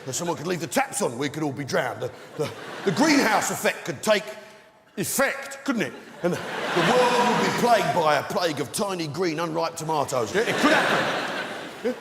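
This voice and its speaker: A man's voice: a little high, very animated, moderate pace. A man doing stand-up, rambling in mock worry at one member of the audience. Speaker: stand-up comedian. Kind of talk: stand-up routine. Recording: roomy hall with faint noise.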